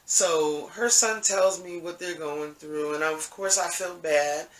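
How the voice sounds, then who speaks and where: A man's voice: a little high, slow, a bit bright. A man telling a story in a casual monologue, rambling and profane, often asking "you know what I'm saying". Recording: echoey room, mic at a distance.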